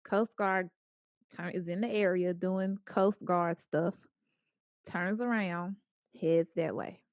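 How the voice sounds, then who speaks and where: A woman speaker telling a story to a small group in a lively, playful way, acting out the lines of the people in it. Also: on the low side, slow pace, no room sound, studio quality. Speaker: guest speaker.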